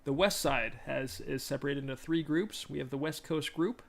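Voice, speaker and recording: A man's voice: fairly high pitch, normal speed, gravelly. A man designing a tabletop game talks through it on a casual livestream, rambling and correcting himself, a little stuffy. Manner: rambling, self-correcting, enthusiastic. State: stuffy, congested.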